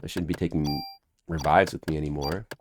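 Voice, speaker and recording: A man's voice: a bass voice, steady tone, brisk, noisy background. A man streaming a video game who rambles in a goofy, joking way and talks to his chat. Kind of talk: casual game-stream chatter.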